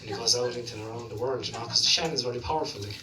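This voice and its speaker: Profane Limerick Irish stand-up comedian. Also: male voice, mid-range voice, rapid-fire, echoey room, far from the mic, over music, rough recording. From Ireland. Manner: profane, rambling storytelling with lots of "like". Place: comedy club stage.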